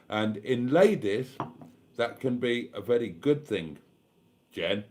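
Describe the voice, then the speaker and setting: A man hosting a late-night live stream, tired and a little tipsy, talking slowly and emotionally as he thanks his viewers. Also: medium pitch, animated, a little mellow.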